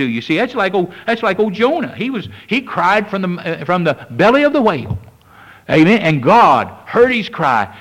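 A man preaching a sermon, folksy and repetitive, often asking "amen?" and building to fervent highs. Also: vocal fry, fairly bright tone. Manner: folksy preaching with frequent "amen" and "you see", rising in fervor.

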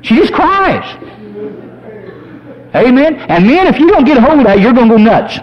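A man preaching a sermon as a pastor, folksy and animated, telling humorous stories. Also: extremely high pitch, quick pace. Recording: dull lo-fi sermon recording.

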